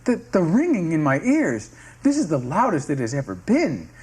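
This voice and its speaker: A man's voice: on the high side, huge pitch swings, normal speed, darkish tone, breathy edge, full character voice, rough recording. A man playing a fussy, indignant office worker in his fifties, asking pedantic, exasperated questions in a comedy script reading. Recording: music playing underneath.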